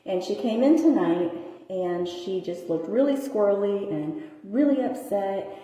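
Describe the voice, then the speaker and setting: Woman, shelter worker, earnest testimony, close to tears, mellow voice, echoey bathroom with long reverb. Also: medium pitch, expressive, measured pace. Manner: earnest, tearful, preachy. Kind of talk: emotional personal testimony.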